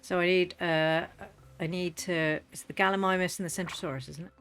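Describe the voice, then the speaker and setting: A casual gaming host talks the listener through a game, chatty and quick to slip into mock-furious grumbling. Faint game music plays underneath the voice. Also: mid-range voice, steady tone, fairly bright tone. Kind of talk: casual gameplay commentary.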